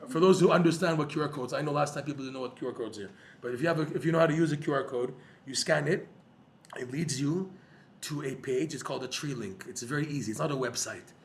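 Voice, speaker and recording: A man giving a lively Torah class to a live audience, joking and using Hebrew terms. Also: medium pitch, fast talker, slight background noise. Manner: animated, jokey, uses Hebrew terms. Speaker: Torah teacher.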